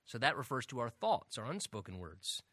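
Bright, earnest male preacher. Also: mid-range voice, big pitch swings, normal speed, breathy edge, dry recording, clean studio sound. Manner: earnest, emphatic, swings from soft to loud. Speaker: pastor. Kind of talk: expository sermon.

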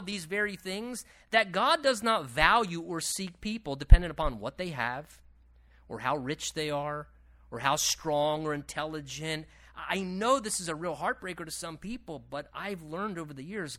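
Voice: mid-range voice, sharp tone. A pastor preaching a sermon at a church service, emphatic and fond of repeating key phrases.

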